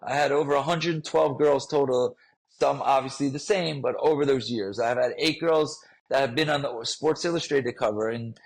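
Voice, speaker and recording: A man's voice: mid-range voice, moderate pace, rough recording. A man telling a personal story in a podcast interview, earnest and emotional, often repeating himself. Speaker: guest, fitness trainer.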